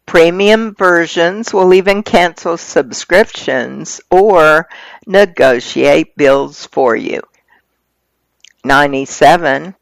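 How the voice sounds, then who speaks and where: A reader reading magazine articles aloud in a steady, measured way. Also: medium pitch, no room sound.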